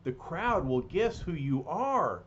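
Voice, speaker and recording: A man's voice: on the high side, very animated, takes it slowly, fairly bright tone, slightly rough, full character voice. A man voicing a worried teenage male mutant friend who speaks in an urgent, pleading way, on a slightly dull, lightly noisy recording.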